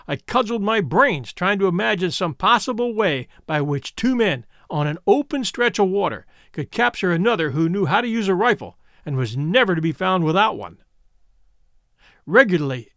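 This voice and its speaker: A male narrator tells a first-person adventure tale in a high, animated voice. The recording is dry and close, with no room sound at all. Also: dry recording. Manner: expressive reading with lively pitch. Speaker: audiobook narrator.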